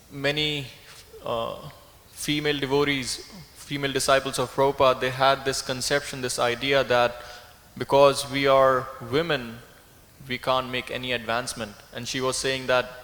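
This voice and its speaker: A man's voice: medium pitch, fairly bright tone, long reverb tail. A man speaking at a scripture class, thoughtful and searching for his words as he reasons through a point. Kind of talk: reflective class talk. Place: temple hall.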